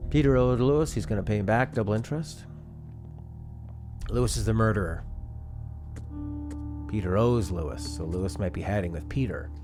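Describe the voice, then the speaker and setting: A man's voice: lowish voice, moderate pace, long pauses, over music. A man streaming a game, chatting casually and musing aloud about what he sees. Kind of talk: casual gameplay commentary.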